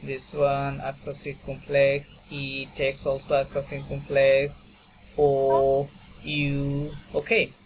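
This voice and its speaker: A man's voice: medium pitch, completely flat delivery, slow pace, a little hiss or hum. A man teaching French in an online class over a video call, patiently repeating words for students and filling his talk with "you know" and "okay". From Bangladesh. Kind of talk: online language lesson.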